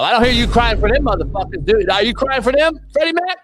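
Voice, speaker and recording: A man's voice: extremely high pitch, animated, quick pace, fairly bright tone, slight background noise. A man hosting a sports talk show, ranting bluntly and profanely about football. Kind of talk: casual profane sports rant.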